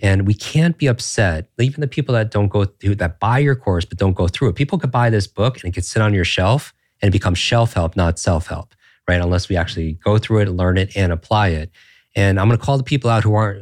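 Low-voiced earnest man telling stories. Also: no room sound, clean studio sound. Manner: animated, earnest, many restarts and tag questions. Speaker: podcast guest, brain coach. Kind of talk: conversational interview storytelling.

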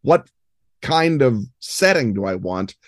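A man talking as a guest on a gaming podcast, erudite and expansive, with a scattering of fillers. His mid-pitched voice is recorded close and dry. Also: very animated, slow, no room sound. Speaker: guest game designer. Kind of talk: podcast interview.

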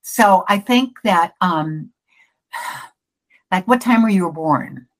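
A woman's voice: lowish voice, animated, drawn-out words, low-quality recording. Brief: middle-aged woman, psychic guest, chatty and self-interrupting. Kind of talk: casual interview chat.

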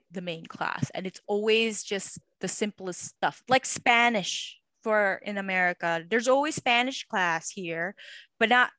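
Young woman from macau rambling on a podcast, lots of likes and you knows, bright voice. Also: mid-range voice, clean tone, no echo. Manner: rambling, many fillers like "you know" and "like". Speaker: podcast co-host. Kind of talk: casual podcast chat.

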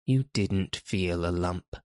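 A man's voice: low-pitched, slow pace, a little mellow, dry recording, clean studio sound. A man reading aloud, voicing a fierce, bossy little girl who scolds sharply. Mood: commanding.

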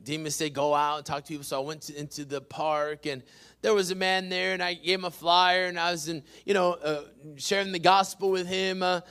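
A man preaching a sermon in a high, bright, forceful voice. He keeps tagging "amen" onto his points, alternating punchy emphatic lines with quiet, dropped-down asides. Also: flat delivery, brisk, smooth. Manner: punctuates phrases with "amen", swings between loud emphatic bursts and hushed asides. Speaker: pastor.

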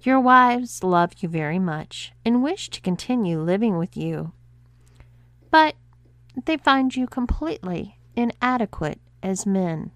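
A woman's voice: medium pitch, animated, unhurried, a bit bright, dry recording, pitched above the performer's own voice. A woman voicing a stern, commanding female cruise director who speaks with cool, controlled authority.

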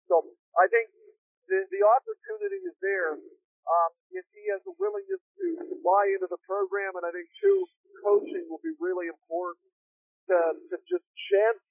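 A man's voice: high-pitched, huge pitch swings, normal speed, dry recording. A man calling in as a hockey analyst, talking in a thoughtful, rambling way with restarts, heard over a phone line. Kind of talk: casual phone-in chat.

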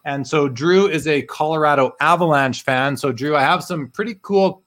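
A man's voice: a little high, moderate pace, fairly bright tone. A man hosting a live interview show in a friendly, conversational manner. He asks questions and reads out viewer comments. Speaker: host.

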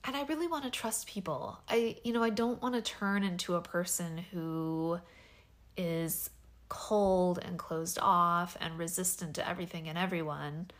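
A woman in her thirties talking through a personal podcast monologue at home, soft-spoken and hesitant, with lots of fillers and trailing pauses. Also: fairly low pitch, fairly even intonation. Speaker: podcast host. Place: home bedroom.

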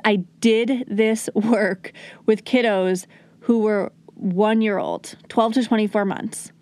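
This parenting podcast host and educator has a darkish voice on the high side, recorded with no echo. She talks earnestly in a conversational, coaching way, occasionally role-playing soothing phrases for a child.

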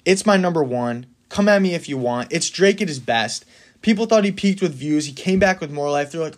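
A man's voice: on the high side, normal speed. Opinionated young man hosting a podcast. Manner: enthusiastic, opinionated, playful. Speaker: podcast host. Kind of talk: casual solo podcast rant.

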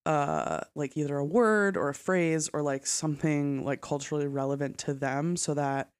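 A woman's voice: deep voice, steady tone, normal speed, smooth, no room sound. A woman in her thirties co-hosting a podcast in a casual chat, laughing often, swearing and full of "like". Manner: laughing, sweary, filler-heavy storyteller. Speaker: podcast co-host.

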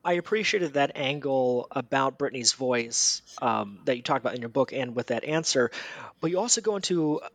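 Male interviewer, measured delivery, dry close recording. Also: mid-range voice, animated, fairly bright tone, no echo. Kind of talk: interview questions.

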